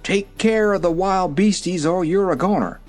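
An alarmed old farmer with a twang, played by the narrator. He blurts warnings in a raised, higher voice, with faint music beneath. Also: normal speed, close to an everyday voice. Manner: blurting exclamations.

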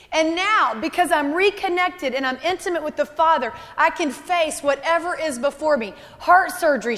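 A woman's voice: high voice, fairly quick, few pauses, fairly bright tone. A woman in her thirties preaching a sermon, emotional and earnest, repeating key phrases. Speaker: speaker at a church service. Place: large church hall. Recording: live hall with long reverb.

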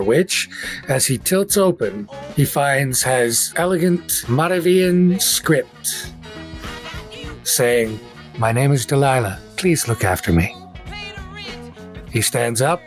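A man narrating as game master of a tabletop game, in vivid, descriptive storytelling. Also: on the high side.

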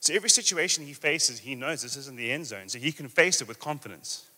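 Before a live church congregation, a mid-range-voiced man delivers an energetic, emphatic sermon that sometimes eases into soft, drawn-out phrases. Gentle guitar plays in the background of the echoey hall.

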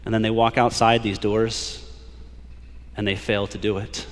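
A man preaching a sermon as a pastor, building to emphatic peaks and slowing down to read scripture aloud. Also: lowish voice, flat delivery, big-room sound. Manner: preaching with rising emphasis, drawn-out scripture quotes. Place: church sanctuary.

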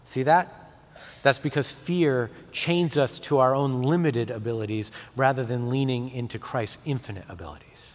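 A male pastor delivering a sermon, swinging from emphatic peaks to soft, intimate tones. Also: mid-range voice, normal speed. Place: church sanctuary. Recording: long hall reverb.

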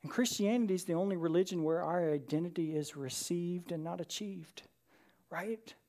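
Pastor guy preaching, chatty, keeps saying right?, goes from loud and quick to really quiet. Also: high voice. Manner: conversational, with frequent "right?" asides. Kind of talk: sermon.

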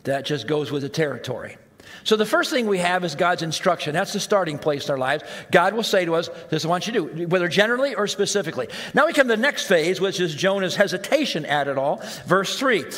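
A man with a high voice delivers a sermon. He talks to the congregation like a conversation, pressing hard on key points and then dropping into quiet, drawn-out asides. His voice rings with a long reverb through a large hall. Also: lively intonation. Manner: conversational preaching, swinging between raised emphasis and hushed, slow asides. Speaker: pastor.

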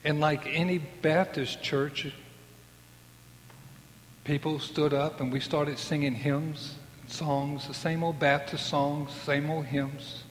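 Slow and flat, with a fairly high pitch, this testimony speaker is a man in his sixties telling his earnest story of faith and imitating the people in it. The recording has long hall reverb and a little hiss or hum.

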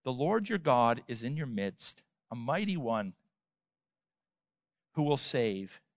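A man preaching a sermon, emphatic, with rhetorical questions and swings between loud and soft. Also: medium pitch, very animated, slow pace, no echo. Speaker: pastor.

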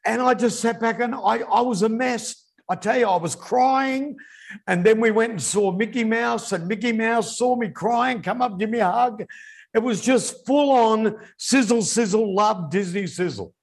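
A man's voice: sits high, normal speed, creaky, breathy edge. A man co-hosting a casual business chat, telling stories with animation. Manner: animated storyteller. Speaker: podcast co-host.

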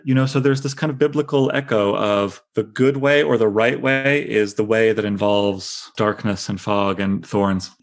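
A man leading a poetry discussion, thoughtful, reading lines of verse aloud slowly. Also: on the low side. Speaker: discussion leader.

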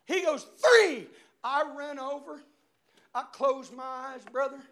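A high-voiced male preacher with a bright, piercing tone. He preaches with shouted, animated storytelling that swings between loud and soft. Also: unhurried. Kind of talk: sermon.

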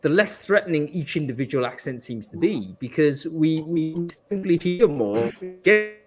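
A man's voice: fairly high pitch, lively intonation, moderate pace, husky, soft background music. A man hosting a live panel discussion, speaking thoughtfully and hesitantly, with many fillers. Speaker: host.

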